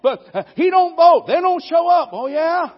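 A man preaching a sermon, moving from quiet teaching to shouted, rhythmic preaching. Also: very high voice, expressive, moderate pace. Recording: dull lo-fi sermon audio.

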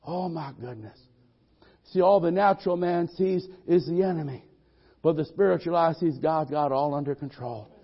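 High-voiced fervent preacher. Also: male voice, fairly even intonation, moderate pace, dull audio. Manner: fervent, call-and-response. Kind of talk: sermon.

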